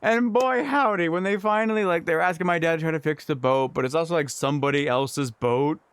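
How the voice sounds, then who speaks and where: A young man streaming, telling a funny story in casual chat, animated and laughing often. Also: fairly high pitch, brisk, smooth, no echo. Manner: animated, laughs often, acts out quoted voices.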